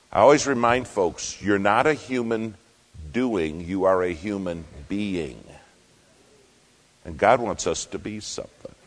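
A man preaching a sermon as pastor, emphatic, swinging between loud declarations and hushed asides. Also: fairly low pitch, in a large hall.

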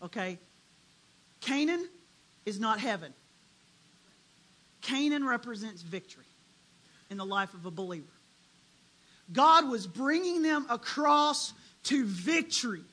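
A preacher delivering a dramatic sermon, swinging between hushed and loud. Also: mid-range voice, animated, measured pace, pauses often, rough recording.

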